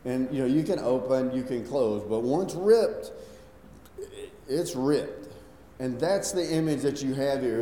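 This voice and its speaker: A middle-aged male pastor preaching a sermon in a relaxed, conversational storytelling way. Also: medium pitch. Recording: echoey hall from far off.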